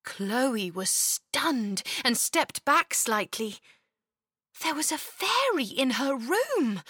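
Storybook narrator: woman, high bright voice, slow and very expressive delivery, dry close mic. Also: no echo. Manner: expressive, lilting.

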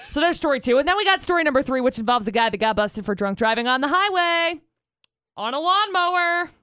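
A woman co-hosting a casual radio show, reading odd headlines with wry, deadpan asides. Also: sits high, fairly quick, no echo, studio quality. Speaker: radio co-host. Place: radio studio. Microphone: studio microphone.

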